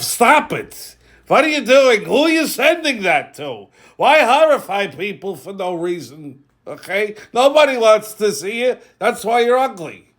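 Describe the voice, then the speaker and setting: A man's voice: high voice, fairly bright tone, pitched above the performer's own voice, exaggerated voice. A man voicing a brash, kvetching older Jewish comic character who wisecracks.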